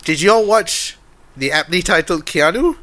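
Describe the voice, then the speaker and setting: A man's voice: on the high side, normal speed, bright, forceful tone. A man co-hosting a casual movie chat, reacting eagerly and laughing a lot. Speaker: podcast co-host.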